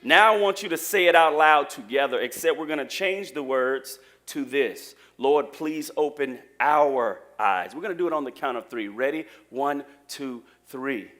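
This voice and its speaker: A man preaching a lively sermon in a church, joking with the congregation. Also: a little high, moderate pace, few pauses. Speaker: pastor.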